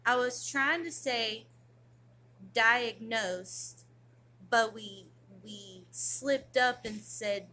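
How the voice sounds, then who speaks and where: A woman's voice: on the high side, very slow, sharp tone, slight background noise. A woman vlogging in a rambling, slangy, casual chat to camera.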